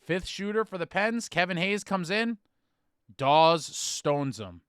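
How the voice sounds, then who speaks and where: Man excitedly recapping a hockey shootout. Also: high-pitched, takes it slowly, clear, resonant tone, dry recording, studio quality. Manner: animated storytelling, bursts into shouted chants when reliving moments. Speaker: hockey fan podcast host.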